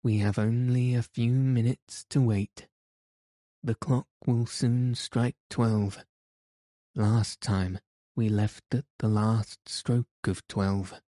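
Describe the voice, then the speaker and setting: A man's voice: medium pitch, fairly even intonation, slow, warm tone, dry recording, studio quality, natural voice. A man voicing an irate, suspicious middle-aged male theatre manager who talks in an indignant, insistent way. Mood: tense.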